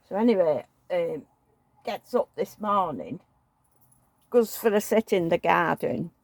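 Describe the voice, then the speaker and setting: A woman talks through a home vlog in a rambling, chatty way, now and then grumbling. Her voice sits low with a gravelly, fry-laden edge. The sound is dry and close. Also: darkish tone, dry recording. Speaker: doll collector vlogger. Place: at home indoors.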